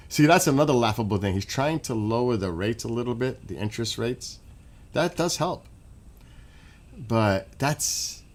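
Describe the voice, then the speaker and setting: A man streaming and ranting in a casual monologue, animated and swearing. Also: lowish voice.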